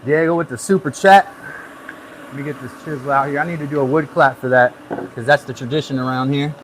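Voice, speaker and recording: A man's voice: medium pitch, level tone, fast talker, a bit bright, slight background noise, rough recording. A man hosting a casual live stream, rambling easily as he gives hands-on tips and chats with viewers. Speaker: livestream host.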